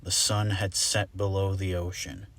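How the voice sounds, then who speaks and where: Low, unhurried male storybook reader, soft and deliberate delivery. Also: little pitch movement. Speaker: audiobook reader. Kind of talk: storybook narration.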